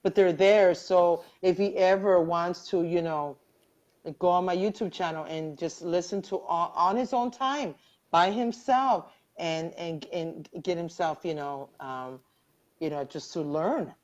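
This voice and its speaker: A woman with a low voice hosts a live online chat, earnest and devout, repeating herself and starting over as she speaks from the heart. She sounds close to tears. The audio is dull and lo-fi, like a video call. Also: unhurried, a little mellow. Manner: heartfelt, religious, rambling with many restarts. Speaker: host.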